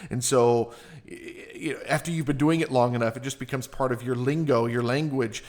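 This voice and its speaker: A man's voice: mid-range voice, fairly quick. A middle-aged man hosting a radio interview, chatting casually and acting out quotes as he tells stories. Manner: animated storyteller, acts out quotes. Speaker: radio show host.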